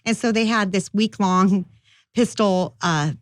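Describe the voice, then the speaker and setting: A woman's voice: medium pitch, a little slow, dry recording. A middle-aged woman, a firearms instructor, telling her story in a casual, rambling interview with lots of fillers. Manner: chatty, rambling, many fillers.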